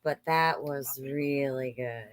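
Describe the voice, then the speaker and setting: A woman co-hosting a casual livestream with her husband, giving quiet, brief replies. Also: very deep voice, slow. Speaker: co-host, host's wife.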